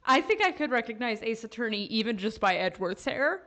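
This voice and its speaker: A woman's voice: a little high, big pitch swings, brisk, fairly bright tone. A woman co-hosting a game stream, joking and laughing often in casual chat. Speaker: streamer co-host. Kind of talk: casual let's-play chat. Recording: faint game music behind.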